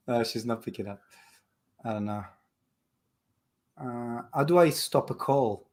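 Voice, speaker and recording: A man's voice: medium pitch, slow pace, darkish tone. A man with an Italian accent who cold-calls on a live comedy show, bantering casually, laughing often and stammering over repeated words. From Italy.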